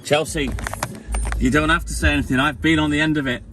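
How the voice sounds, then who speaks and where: A man's voice: fairly high pitch, steady tone, fairly quick, over music. A man livestreaming from his delivery vehicle, chatting casually with viewers, teasing and swearing with frequent laughs. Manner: banters and teases, swears, laughs often. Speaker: milkman livestreamer. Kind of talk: casual live-stream chat with viewers.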